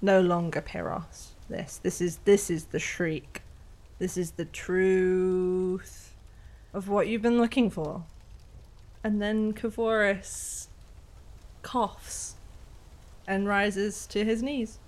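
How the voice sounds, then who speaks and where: Slow, dramatic woman game master. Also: medium pitch, steady tone, a little mellow. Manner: dramatic, measured storytelling. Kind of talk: narrating a tabletop game.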